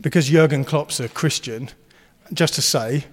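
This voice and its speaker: A man's voice: fairly high pitch, a little slow, in a large hall. A man preaching a sermon, earnest and encouraging, and he slips into playful banter. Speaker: pastor.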